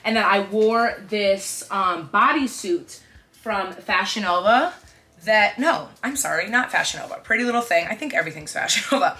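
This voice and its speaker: A young woman talking casually to camera in a fashion vlog, chatty and excitable, full of little asides. Her voice is bright and forward, sitting at an ordinary pitch for a woman. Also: moderate pace, a little hiss or hum. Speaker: fashion vlogger.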